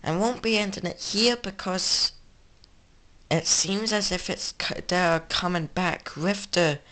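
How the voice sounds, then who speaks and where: A woman's voice: fairly low pitch, takes it slowly, fairly bright tone. A woman with an English accent hosting a casual gaming retrospective, rambling and correcting herself as she goes. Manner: rambling, self-correcting, offhand. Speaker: video game channel host.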